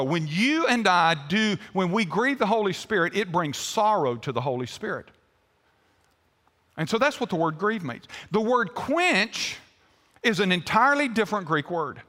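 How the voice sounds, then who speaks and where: Male pastor, animated storyteller, bright and forceful tone, echoing through a big sanctuary. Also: high-pitched. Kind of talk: sermon.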